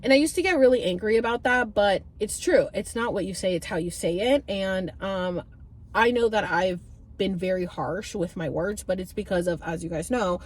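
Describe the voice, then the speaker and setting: A woman in her thirties telling stories to camera in a chatty, animated way, swearing now and then. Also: medium pitch, normal speed. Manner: chatty, animated, swears freely, many fillers. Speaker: vlogger. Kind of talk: casual storytelling to camera.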